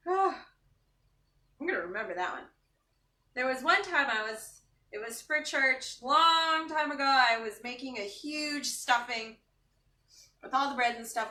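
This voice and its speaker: Chatty bright-voiced woman cooking on a live stream. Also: on the high side, recorded from a distance. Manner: chatty and joking, reads viewer comments aloud. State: teary from chopping onions. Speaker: cooking show host. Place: home kitchen. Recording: echoey kitchen, off-mic.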